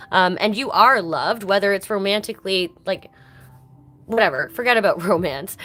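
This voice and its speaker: A woman's voice: on the low side, a bit bright. Woman, card reader, casual live stream, chatty, affectionate. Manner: chatty and affectionate, chats with viewers and calls them baby.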